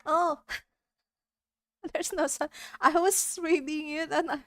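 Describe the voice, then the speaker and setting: A woman's voice: high-pitched, fairly even intonation, moderate pace, fairly bright tone, dry recording. A woman with an Indonesian accent streaming a game in a giggly, apologetic way. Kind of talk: casual live-stream chat.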